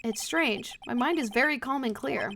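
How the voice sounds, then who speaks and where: A woman voicing a confident young male defense lawyer who speaks quietly and steadily. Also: high voice, normal speed, gravelly, slight background noise. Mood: calm.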